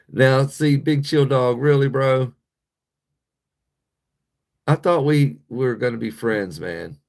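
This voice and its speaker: A man's voice: mid-range voice, slow, gravelly, pauses often, a little mellow. A man hosting a casual livestream, talking bluntly and profanely to his chat and laughing often. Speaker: livestream host.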